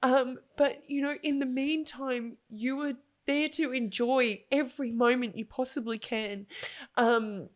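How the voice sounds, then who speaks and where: An Australian woman in her thirties speaks candidly as a podcast guest. Her voice sits a little high, and she tells her stories openly and with feeling. She slips into quoted back-and-forth dialogue as she retells each moment. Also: fairly even intonation, measured pace. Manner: open, heartfelt storyteller who acts out her kids' questions.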